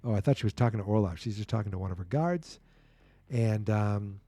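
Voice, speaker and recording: Chatty podcast guy reading thru a comic, reacting a lot, very soft dark tone, dry mic. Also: fairly low pitch, fairly quick, no room sound, soft background music. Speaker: podcast host. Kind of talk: casual comic-book recap.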